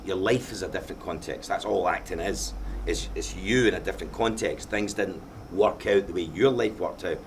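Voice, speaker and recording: Middle-aged Glaswegian man, low-pitched, emphatic, faint noise behind. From Scotland. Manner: passionate, emphatic, repeats himself. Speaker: film director being interviewed. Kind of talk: Q&A after a film screening.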